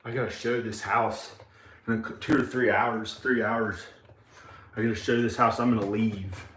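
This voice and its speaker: A man vlogging at home, muttering slowly and quietly to himself. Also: steady tone, echoey room, far from the mic, a little hiss or hum. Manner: slow, low muttering to himself. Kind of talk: rambling self-filmed vlog. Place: his house, indoors.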